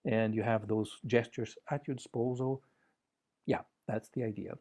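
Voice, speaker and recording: A man's voice: lowish voice, fairly even intonation, moderate pace, dark tone. A man giving a conference talk with vocal exercises, speaking playfully and slipping into lilting, sung syllables. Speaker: workshop presenter.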